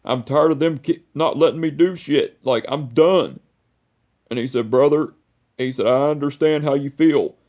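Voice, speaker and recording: A man's voice: on the high side, moderate pace, darkish tone. A young man in his twenties telling a heartfelt, rambling story in a personal memorial vlog, repeating "I said" and "you know" often. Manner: emotional, heartfelt.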